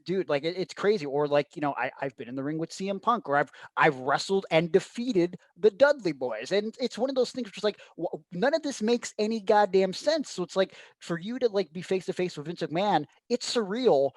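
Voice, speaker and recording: Podcast host dude, kinda high voice, dry mic, fired up and cussing. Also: male voice, animated, fairly quick, few pauses, no echo. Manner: enthusiastic, profane, repeats words when starting a sentence. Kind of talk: casual podcast chat.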